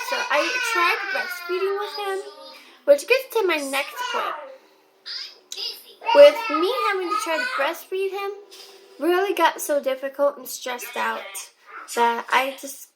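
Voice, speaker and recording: A woman's voice: extremely high pitch, slow pace. A young woman vlogger telling a personal story, talking straight to her viewers in a chatty way. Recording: clear steady background noise.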